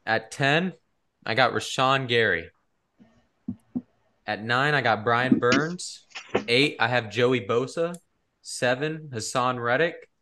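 A man's voice: mid-range voice, slow pace, long pauses, sharp tone. Man, sports podcast co-host, teasing, keeps things moving, casual chat. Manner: teasing, moves the show along.

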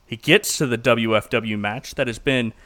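A man, a minister, co-hosting a casual chat and recapping a movie with lively mimicry and frequent laughter. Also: medium pitch, normal speed. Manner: animated, mimics characters, laughs often. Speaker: podcast co-host.

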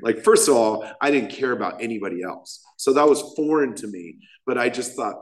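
At a recovery meeting, a man speaks into a podium microphone in a meeting hall, telling his own recovery story. His mid-range voice moves fairly fast with few pauses, and his rambling, self-deprecating telling is thick with fillers.

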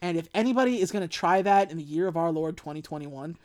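A woman's voice: fairly low pitch, lively intonation, quick pace, darkish tone. A woman co-hosting a casual podcast, recapping a movie and acting out its lines in mock voices. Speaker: podcast co-host.

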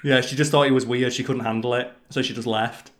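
A man's voice: medium pitch, fairly even intonation, a little fast, fairly bright tone. A man in casual podcast chat, telling stories with enthusiasm and plenty of swearing.

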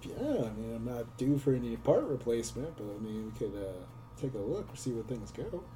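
A hesitant woman player speaks with an unusually deep voice that still swings widely in pitch. Clear music plays behind her. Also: big pitch swings, fairly quick. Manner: hesitant, full of fillers. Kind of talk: in-character tabletop play.

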